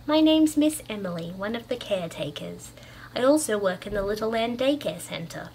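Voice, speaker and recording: A woman voicing a warm, welcoming female caretaker with a soft, high, sweet voice. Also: animated, normal speed, slight background noise, natural voice, low-quality recording.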